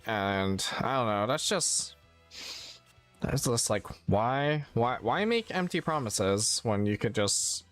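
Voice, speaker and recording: A man's voice: medium pitch, animated, slow, fairly bright tone. Guy streaming a game, rambly and self-correcting, faint music behind. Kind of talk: casual gameplay chat.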